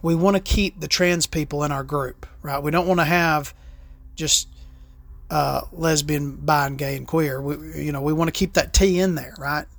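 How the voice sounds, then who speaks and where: A solo podcast host chatting casually, rambling from point to point with plenty of swearing and tongue-in-cheek asides. The voice sits in a middle pitch. The sound is dry and close to the microphone. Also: fairly even intonation, moderate pace, dry recording.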